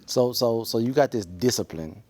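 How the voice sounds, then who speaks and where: A man's voice: medium pitch, expressive, normal speed, darkish tone, no echo. A man co-hosting an interview, asking probing questions in a conversational way. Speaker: co-host.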